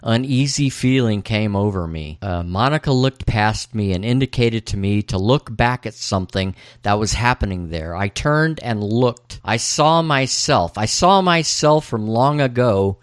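A man reading the lines of an older male FBI chief who recounts a strange dream, in a slow, deliberate dramatic delivery. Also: lowish voice, lively intonation, no echo, studio quality. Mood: eerie recounting.

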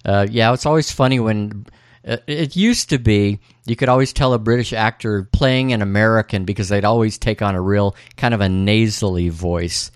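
A man with a fairly low voice co-hosts a podcast, talking through a TV episode in a relaxed, rambling way. He pauses with frequent fillers. His sound is close and dry. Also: clean tone, dry recording. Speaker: podcast co-host. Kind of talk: casual chat.

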